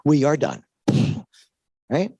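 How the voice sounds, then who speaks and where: This trade-show seminar speaker has a slightly high voice and delivers a lively, motivational sales talk at a slow pace, casually throwing "right?" to the crowd again and again and acting out dialogues. The recording is dry and close with almost no room sound, and the highs are cut off.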